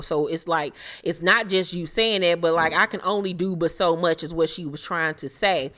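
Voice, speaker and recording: A woman's voice: fairly low pitch, normal speed, few pauses, fairly bright tone. A woman recapping a reality TV episode in casual commentary, blunt and profane, gossiping and laughing as she goes.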